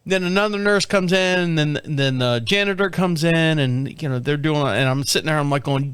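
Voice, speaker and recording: A man's voice: a little high, sing-song, normal speed, a bit bright, smooth, no room sound. A man in his fifties hosting a podcast, telling a story in a casual, candid way, swearing and laughing often. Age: 50s. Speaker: podcast host.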